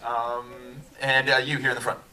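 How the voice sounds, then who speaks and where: A moderator running an audience Q&A at a festival panel, briskly repeating each question for the room. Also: medium pitch, little pitch movement, heavy background noise. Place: large hall at a festival. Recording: distant mic, loud crowd.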